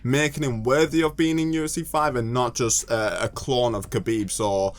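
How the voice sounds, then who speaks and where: A man's voice: mid-range voice, moderate pace. Jokey, ranting young British man. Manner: jokey and animated, ranting, stumbles over names. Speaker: gaming video creator. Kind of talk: casual commentary video.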